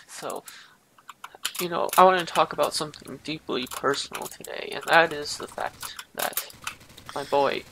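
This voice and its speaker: A woman's voice: low-pitched, gravelly, background noise. A woman giving a parody live commentary over gameplay, rambling, boastful and swearing constantly. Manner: profane, rambling, mock-boastful. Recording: loud keyboard typing behind voice.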